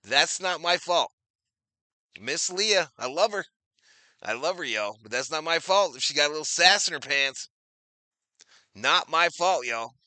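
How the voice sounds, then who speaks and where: A man's voice: on the high side, animated, normal speed, bright, forceful tone, no room sound. A middle-aged man hosting a live watch-party stream, chatting casually, reading viewer comments aloud and calling plays as they happen. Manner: chatty, reads viewer comments, repeats phrases, addresses chat as y'all.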